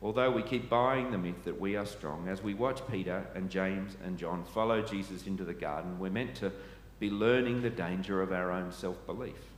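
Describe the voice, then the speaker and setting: Male preacher, low register, earnest and questioning, recorded in a reverberant church. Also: normal speed, few pauses. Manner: earnest, asks the listeners questions. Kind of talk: sermon. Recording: echoey church hall, faint ambient noise.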